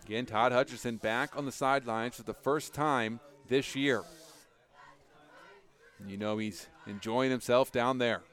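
A man calling a football game play-by-play on radio, rising to excited shouts on big plays. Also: mid-range voice, measured pace. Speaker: play-by-play announcer.

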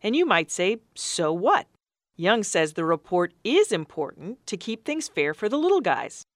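A woman reporter delivering a scripted radio news package in a brisk, conversational manner. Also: medium pitch, big pitch swings, dry recording.

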